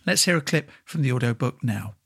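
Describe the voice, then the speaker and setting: Male podcast host, brisk presenter. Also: mid-range voice, lively intonation, slightly rough. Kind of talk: interview hosting.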